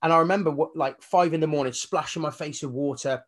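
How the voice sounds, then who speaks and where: Speaking fast in a fairly high pitch, this man is a fitness coach sharing his story as a guest on a laid-back interview. He gets animated, acting out the voices in his head and dropping casual swears.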